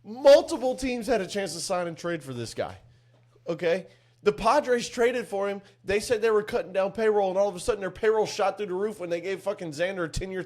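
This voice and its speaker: A man co-hosting a casual sports podcast, talking emphatically and swearing freely as he argues his point. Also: high voice. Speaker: podcast co-host.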